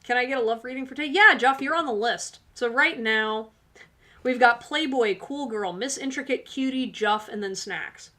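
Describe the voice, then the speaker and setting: A woman's voice: fairly high pitch, moderate pace, sharp tone. A woman hosting a tarot livestream, talking casually and sassily to her viewers and laughing often. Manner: sassy, laughs often, talks straight to viewers. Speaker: tarot reader and livestream host.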